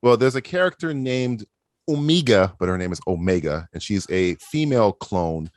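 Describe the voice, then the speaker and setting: Homem de voz grave, papo descontraído. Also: male voice, lowish voice, moderate pace. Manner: rambling, animated, swears a lot. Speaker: podcast co-host. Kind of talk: casual chat.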